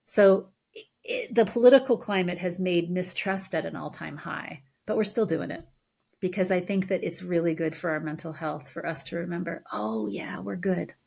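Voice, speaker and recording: A woman therapist as a podcast guest, earnest and animated, laughing easily as she tells stories. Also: lowish voice, normal speed, creaky. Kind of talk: conversational interview.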